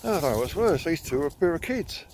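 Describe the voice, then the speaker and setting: A man's voice: on the high side, expressive, fast talker, darkish tone, slight background noise. Sing-song man chatting to his dogs. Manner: chatty, teasing, sing-song talk to pets. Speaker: dog owner filming a walk. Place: outdoors by water in the countryside. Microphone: phone held while walking.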